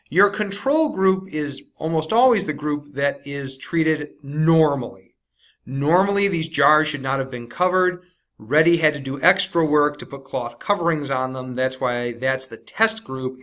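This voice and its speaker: A man teaching science, walking through a worksheet step by step and slowing down to stress key words. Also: fairly high pitch, bright, forceful tone. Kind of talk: recorded classroom lesson walkthrough.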